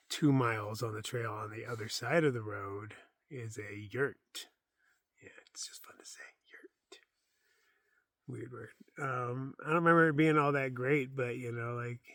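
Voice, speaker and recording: A man with an ordinary middle-pitched voice chats casually to a handheld camera from his hammock in the woods. He rambles, jokes at his own expense and often lets his words fade into a low mumble. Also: fairly bright tone, dry recording. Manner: rambling, self-deprecating, often trails off into a mumble. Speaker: solo thru-hiker vlogger. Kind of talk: casual outdoor vlog monologue. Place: in a hammock camp in a forest, outdoors.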